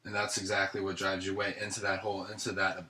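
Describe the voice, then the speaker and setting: A man with a fairly low, bright voice banters and teases at a quick pace. His voice rings in an echoey room. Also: completely flat delivery, a little hiss or hum. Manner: teasing banter. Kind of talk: casual chat.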